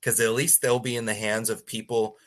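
A man co-hosting a casual review chat, with a somewhat low voice. He stammers and repeats words as he talks. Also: flat delivery, a little fast, fairly bright tone. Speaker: co-host.

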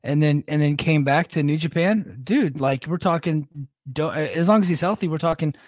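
A man's voice: fairly high pitch, moderate pace, no room sound, clean studio sound. A man co-hosting a podcast, chatting casually about wrestling with a rambling manner and frequent laughs. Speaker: podcast co-host.

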